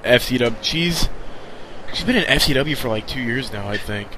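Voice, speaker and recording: A laid-back man hosts a casual podcast chat, his voice sitting at an ordinary middle pitch. He curses freely and talks loosely, with a faint hiss in the background. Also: expressive, normal speed, sharp tone, poor audio. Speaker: podcast host.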